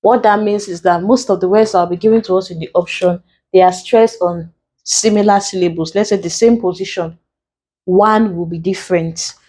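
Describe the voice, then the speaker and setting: A woman's voice: on the low side, fairly even intonation, normal speed, mellow. A woman teaching an exam lesson, explaining rules patiently step by step. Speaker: English exam tutor. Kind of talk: recorded classroom lesson.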